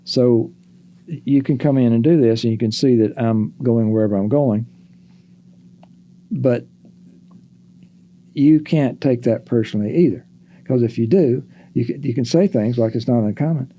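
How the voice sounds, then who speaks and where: An older man, a psychologist guest, talking slowly and reflectively in a casual podcast conversation, with halting restarts. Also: mid-range voice, warm tone.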